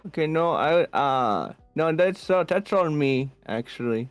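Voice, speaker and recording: A man voicing a chain-smoking thirteen-year-old cyborg boy with a French accent, talking haltingly with many fillers. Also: a little high, animated, clear, resonant tone, no echo, faint music behind. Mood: hesitant. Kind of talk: improvised comedy role-play.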